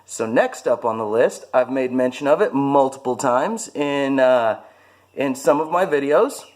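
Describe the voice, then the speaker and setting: A man's voice: medium pitch, lively intonation, measured pace, darkish tone. A man talking casually to camera about his hobbies, rambling and self-mocking, with many fillers. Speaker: vlogger showing his hobbies.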